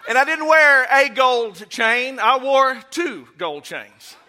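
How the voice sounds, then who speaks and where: Preacher guy, middle-aged, high bright voice, jokes around then gets fired up in church. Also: lively intonation, takes it slowly. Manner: folksy, joking, swings into loud preaching. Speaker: guest preacher. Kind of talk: sermon. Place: church sanctuary.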